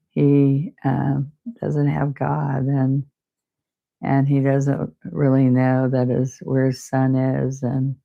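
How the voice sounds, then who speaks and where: Older woman, painting teacher on a live stream, soft-spoken, teary, slow. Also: extremely low pitch, creaky, muffled recording. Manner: soft-spoken, tearful, repeats words. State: close to tears. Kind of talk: casual heartfelt chat to live viewers.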